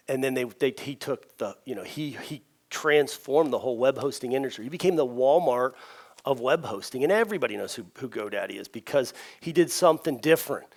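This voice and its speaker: A middle-aged man from Ohio telling business stories in a conference keynote, energetic and prone to repeating words as he restarts. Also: mid-range voice, a little fast. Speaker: conference speaker. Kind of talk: storytelling keynote speech. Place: event stage.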